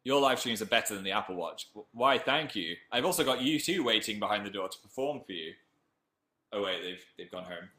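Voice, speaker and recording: A man's voice: fairly low pitch, lively intonation, a little fast, sharp tone, roomy sound. Chatty Northern English young man live streaming. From Northern England. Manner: chatty, reads viewer comments aloud. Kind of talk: casual live stream chat.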